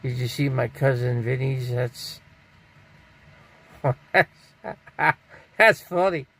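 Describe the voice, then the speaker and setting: Gravelly-voiced older man chatting on stream. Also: medium pitch, moderate pace, a bit bright, slight background noise. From Scottsdale, Arizona. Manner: rambling, reads viewer chat aloud and answers it. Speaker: RV live-stream host. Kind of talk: casual live-stream chat.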